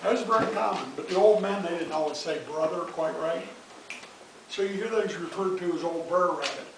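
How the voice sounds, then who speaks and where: A man telling folk tales to his family in an animated, folksy way. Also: high-pitched, fairly quick. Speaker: family storyteller. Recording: distant echoey noisy home recording.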